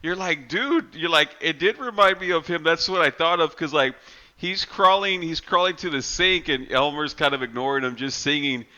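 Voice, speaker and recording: A man's voice: a little high, normal speed, bright, forceful tone, highs cut off. A man co-hosting a casual horror movie podcast, swearing freely and acting out scenes in silly voices. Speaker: podcast co-host.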